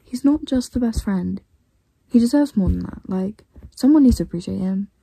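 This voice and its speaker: A teenage girl chatting casually in a reading vlog, gushing and excitable, swearing now and then, tired late at night. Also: medium pitch, normal speed, gravelly, slightly rough, no echo. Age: teens. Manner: gushing, excitable, swears, mixes soft asides with loud outbursts. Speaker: reading vlogger. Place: bedroom at home with a fan running.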